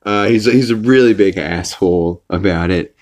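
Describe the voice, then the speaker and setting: Deep-voiced man rambling through a recap. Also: darkish tone. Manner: rambling, with fillers and quick put-on voices for quotes. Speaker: podcast host. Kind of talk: casual episode recap.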